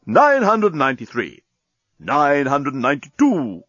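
A man voicing a talking bomb that boomingly announces its own countdown like a cheerful salesman, slow and formal. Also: huge pitch swings, fairly bright tone, dry recording, dull audio, exaggerated voice. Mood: announcing.

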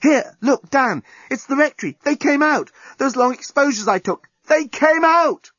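A man voicing an excitable, quick-tempered young woman in a storybook reading, with high, eager exclamations. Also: breathy edge, no room sound, full character voice. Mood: excited. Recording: dull lo-fi recording.

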